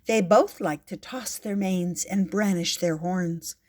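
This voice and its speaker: Older woman, grandmother storyteller, gentle read-aloud, slow. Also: fairly low pitch. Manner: gentle, unhurried. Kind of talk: reading a picture book aloud.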